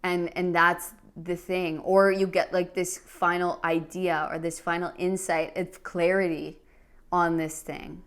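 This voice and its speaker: A woman's voice: fairly low pitch, level tone, a little slow, clean tone. A woman giving a pick-a-card tarot reading, talking in an earnest, emotional way with many fillers and restarts. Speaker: tarot reader.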